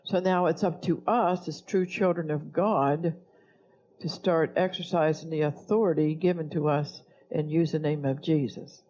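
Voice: mid-range voice, fairly even intonation, normal speed, highs cut off. A pastor preaching a sermon, blunt and scolding toward the congregation.

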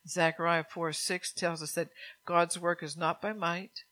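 A woman's voice: lowish voice, fairly even intonation, measured pace, fairly bright tone, low-quality recording. A woman preaching a sermon to her congregation, earnest and repetitive, with frequent laughs.

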